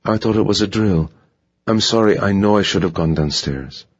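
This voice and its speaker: A man's voice: fairly low pitch, moderate pace, no echo, lo-fi sound, voice pushed up, lightly acted. A man reading an audiobook, voicing a frightened young woman who nervously apologizes.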